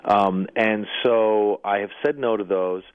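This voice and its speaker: A man's voice: on the low side, steady tone, slow pace, smooth, no room sound. A man, a comedian and actor, telling stories as a guest in a radio interview and acting out the voices of people he quotes. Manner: anecdotal, acts out quoted voices. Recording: tinny phone-line sound, dry.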